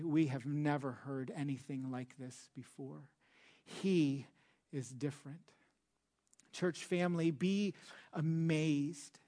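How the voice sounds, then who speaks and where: A male pastor preaching a sermon with emphatic, drawn-out words for stress. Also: on the high side.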